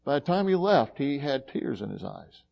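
A man's voice: medium pitch, big pitch swings, normal speed, gravelly, highs cut off. A man preaching as a pastor, moving from reading to a chatty personal story told with fillers and restarts.

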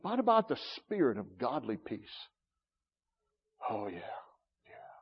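A middle-aged man preaching a sermon, talking with feeling and building to loud, fervent peaks. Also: medium pitch, sing-song, unhurried, breathy edge, lo-fi sound.

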